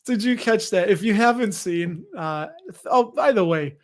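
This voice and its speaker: Chatty, high-voiced man riffing on stocks. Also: animated, normal speed. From United States. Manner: rambling, joking, sarcastic asides. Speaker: dividend investing channel host. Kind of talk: casual livestream chat reading viewer comments.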